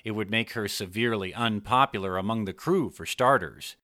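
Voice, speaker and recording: A man narrating an adult fiction story in a measured storytelling manner. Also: on the low side, sharp tone, no room sound, clean studio sound.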